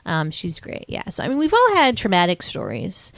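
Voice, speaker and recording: A woman's voice: medium pitch, huge pitch swings, normal speed, gravelly, no room sound. A woman co-hosting a podcast in casual chat, chiming in with supportive asides before telling her own story. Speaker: podcast co-host.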